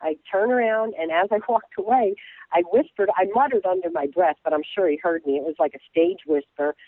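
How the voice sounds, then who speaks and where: A woman blogger telling a story in casual chat, animated and irreverent, with lots of fillers and restarts. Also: lowish voice, a little fast, dry recording. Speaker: guest blogger. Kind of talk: casual storytelling on a call-in show. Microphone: phone. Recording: tinny phone line.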